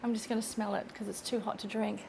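A woman's voice: medium pitch, level tone, fast talker, gravelly, darkish tone, slight background noise. A chatty woman hosting a casual cooking demonstration in her home kitchen, laughing often. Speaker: cooking show host.

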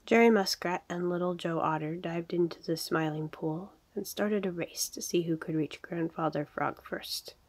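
A woman reads a children's storybook aloud with a husky, slightly low voice. Her delivery is gentle and often drops toward a half-whisper. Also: normal speed, hardly any pauses. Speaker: reader. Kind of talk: storybook narration.

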